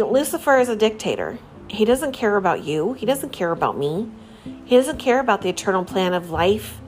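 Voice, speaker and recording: Earnest woman giving a devotional talk. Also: medium pitch. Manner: earnest, measured, reads scripture aloud. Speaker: religious speaker. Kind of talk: devotional talk with scripture reading. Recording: faint music behind the voice.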